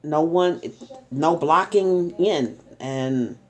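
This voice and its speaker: A middle-aged woman vlogging at home, chatting to her followers in a rambling, story-telling way with ums and soft laughs. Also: sits low, extremely slow. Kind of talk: casual chat to camera.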